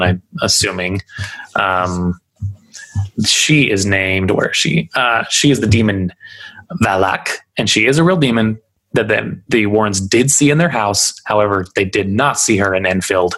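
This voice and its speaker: A man's voice: lowish voice, a bit bright, breathy edge, low-quality recording. A man hosting a podcast, recounting a haunting in a casual, rambling way. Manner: chatty, rambling with many fillers. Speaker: podcast host. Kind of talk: casual storytelling chat.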